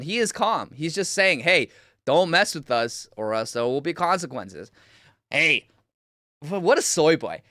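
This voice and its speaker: Lively high-voiced man streaming. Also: a little slow, no room sound, clean studio sound. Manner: loud, mocking, excitable. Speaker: streamer host. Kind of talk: livestream reaction commentary.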